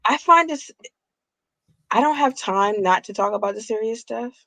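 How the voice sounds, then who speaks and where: A host chatting casually in an interview, lively and chuckling now and then. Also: mid-range voice, moderate pace, gravelly.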